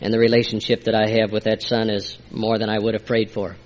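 An older man sharing a heartfelt personal testimony at a recovery meeting, moving between hushed and emphatic delivery. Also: on the low side, completely flat delivery, brisk, highs cut off. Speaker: speaker sharing his recovery story.

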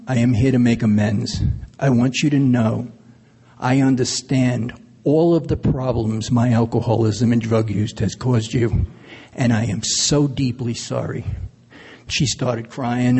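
A man's voice: medium pitch, dark tone, slightly rough. A man sharing his recovery story with earnest, plain storytelling and occasional laughs. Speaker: AA speaker. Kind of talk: recovery share, personal story. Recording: long hall reverb.

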